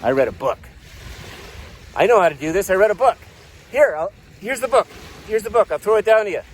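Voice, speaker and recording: A man's voice: high voice, sing-song, a little fast, pitched above the performer's own voice. A man voicing a friend who talks in a breezy, offhand, dismissive way. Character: know-it-all male friend with a book.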